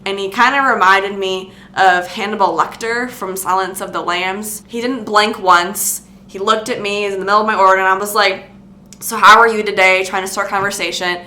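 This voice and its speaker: Bright-voiced young woman, rambling storytime. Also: mid-range voice, steady tone, fairly quick, reverberant. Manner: rambling, many filler words and restarts. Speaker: vlogger recounting retail job. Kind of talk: casual storytime vlog.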